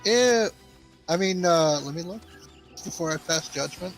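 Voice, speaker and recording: A man's voice: high-pitched, measured pace, poor audio. A man joking around sarcastically with friends during a game session. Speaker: player in group chat. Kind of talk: casual gaming chat. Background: game music.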